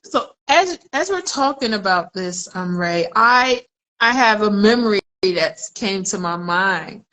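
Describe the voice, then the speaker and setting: A woman's voice: medium pitch, animated, measured pace, bright, forceful tone, poor audio. A woman in her forties talking candidly in a casual podcast conversation. She tells personal stories and acts out the voices in her head. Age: 40s. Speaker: podcast co-host.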